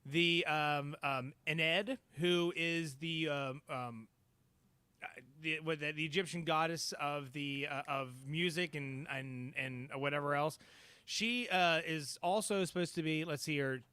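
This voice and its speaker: A man talks in a casual podcast review, rambling with lots of ums and restarts. His voice is bright and fairly high for a man, and the recording is dry and close. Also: steady tone, unhurried, clear, resonant tone, dry recording. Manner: rambling, many fillers and restarts. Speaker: podcast co-host. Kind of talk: casual episode review chat.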